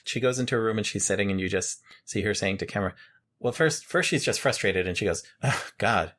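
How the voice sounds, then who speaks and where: A man's voice: fairly low pitch, quick pace. A man from New York City co-hosting a podcast, casually retelling a film and acting out the characters' lines. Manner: animated retelling with acted-out quotes. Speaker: podcast co-host. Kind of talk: casual film review chat. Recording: home podcast recording in Queens.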